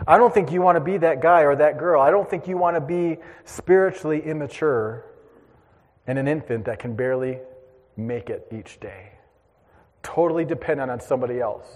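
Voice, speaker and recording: A man preaching, telling a lively childhood story to his congregation and drawing a lesson from it. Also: on the high side, normal speed, big-room sound. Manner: animated storyteller, acts out voices and shouts. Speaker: pastor. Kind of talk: storytelling sermon.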